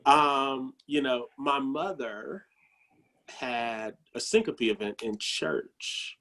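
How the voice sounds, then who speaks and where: A man speaking on a health panel as a dentist, telling stories with lively acted-out quotes. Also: medium pitch, slow pace. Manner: animated storyteller who acts out quoted voices. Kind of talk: panel discussion.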